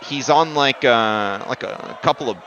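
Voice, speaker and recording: A man's voice: medium pitch, unhurried, a bit bright, dull audio, a little hiss or hum. A man narrating a tabletop game as game master, rambling and joking with lots of fillers.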